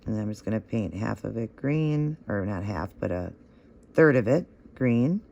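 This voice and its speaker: A man's voice: lowish voice, animated, normal speed, vocal fry, dark tone, dull audio. A man hosting a nail art tutorial, talking through each step in a chatty, encouraging way and gushing over how the results look.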